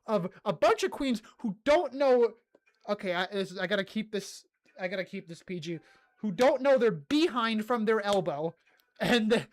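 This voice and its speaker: A streamer in casual livestream chat, reading out comments and ranting excitedly, with many stammered restarts. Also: mid-range voice, moderate pace.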